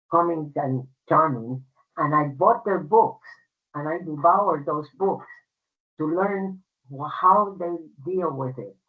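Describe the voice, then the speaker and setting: An older woman from Puerto Rico with a Puerto Rican Spanish accent, telling her life story to an audience in an emphatic, conversational way with many fillers. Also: on the low side. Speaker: guest speaker. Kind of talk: personal storytelling talk. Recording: tinny phone-like audio.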